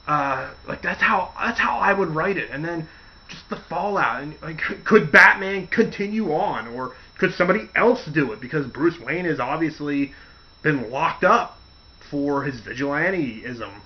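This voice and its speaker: A man's voice: on the high side, animated, normal speed, highs cut off. A man hosting a casual podcast, rambling through stories and acting out quotes along the way. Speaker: podcast host. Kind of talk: casual chat.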